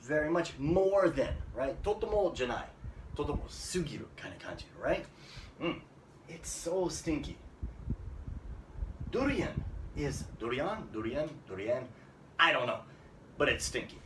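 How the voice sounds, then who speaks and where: Lively man teaching English grammar. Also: on the high side, moderate pace. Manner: lively, repeats phrases and asks "right?" often. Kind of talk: English grammar lesson mixing in Japanese. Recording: echoey room, mic at a distance, faint noise.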